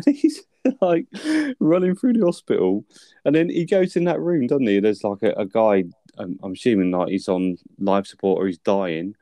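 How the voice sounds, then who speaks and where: Sweary man with a mellow voice. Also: on the low side, moderate pace, dry recording, clean studio sound. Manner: sweary, animated retelling with laughs. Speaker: podcast co-host. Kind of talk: casual film chat.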